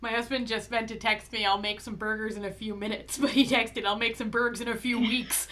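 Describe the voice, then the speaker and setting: A woman's voice: fairly high pitch, level tone, fairly quick, few pauses, heavy background noise. A young woman from Canada with a slight lisp, co-hosting a live stream and chatting casually while reading the chat aloud. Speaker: streamer co-host. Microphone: streaming mic.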